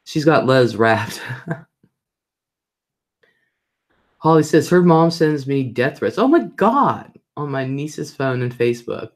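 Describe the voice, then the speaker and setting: With a bass voice that's a little mellow and a measured pace, a middle-aged woman hosts a casual live stream. She reads comments aloud, shares family anecdotes in a chatty, repetitive way, and imitates voices as she retells them.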